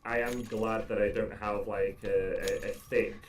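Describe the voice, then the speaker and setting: A man serving as community ambassador on a casual gaming livestream, talking in halting bursts with many fillers. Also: fairly low pitch, level tone, slight background noise. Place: gaming livestream with game music behind.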